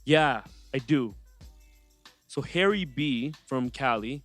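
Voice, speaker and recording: A young man, a rapper guest on a podcast, telling his story in a casual, animated way and acting out what others said to him in slang. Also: medium pitch, slow, soft background music. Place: podcast studio.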